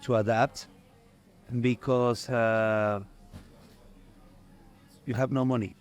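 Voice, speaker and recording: A man from Mexico, a native Spanish speaker, answering interview questions haltingly and searching for words. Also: medium pitch, level tone, clean tone.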